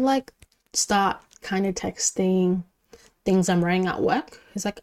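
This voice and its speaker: Chatty young woman, mellow tone. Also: fairly low pitch, measured pace. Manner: chatty, heavy use of "like", drops into whispers. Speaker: podcast host. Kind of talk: casual storytime.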